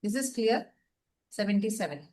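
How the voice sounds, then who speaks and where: A woman's voice: medium pitch, animated, normal speed, warm tone, poor audio. A woman teaching a class, explaining step by step and asking and answering her own questions.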